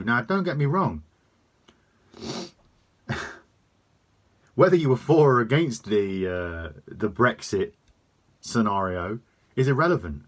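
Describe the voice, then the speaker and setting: A man's voice: mid-range voice, animated, takes it slowly, pauses often. A man delivering a sweary, emphatic opinion rant to camera. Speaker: vlogger.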